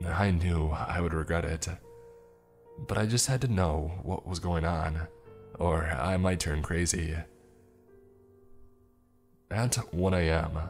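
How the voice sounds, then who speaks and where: Deep slow-voiced man narrating horror. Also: darkish tone. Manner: slow, grave storytelling.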